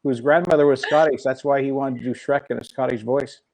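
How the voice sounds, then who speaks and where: A man's voice: mid-range voice, steady tone, a little fast, creaky, a little mellow, rough recording. A man chiming in on a live video chat, matter-of-fact. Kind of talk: casual chat.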